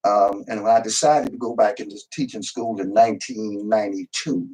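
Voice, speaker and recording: An older man talking in a relaxed, storytelling way, often repeating words as he goes. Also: fairly low pitch, normal speed, husky, poor audio. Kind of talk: casual discussion.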